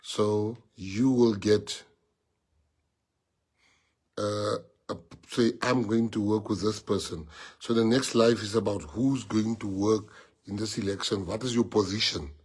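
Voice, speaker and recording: A man's voice: on the low side, steady tone, unhurried, a little mellow, husky. A man with a South African accent addressing his party's members, rallying them with emphatic repetition and bits of Afrikaans. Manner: emphatic, repeats phrases, mixes in Afrikaans. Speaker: party leader.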